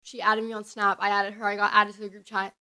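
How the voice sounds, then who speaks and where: A woman's voice: medium pitch, flat delivery, fast, pushed and bright, clean tone. A young woman, telling a story on her podcast in a rambling, chatty way full of "like"s. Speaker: podcast host. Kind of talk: casual storytelling.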